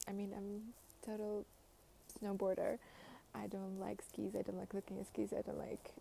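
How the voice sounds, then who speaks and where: A young woman from Ukraine, vlogging outdoors at a snowy train station in a halting, reflective way with many fillers. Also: mid-range voice, flat delivery, vocal fry, mellow, a little hiss or hum, poor audio. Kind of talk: casual personal vlog.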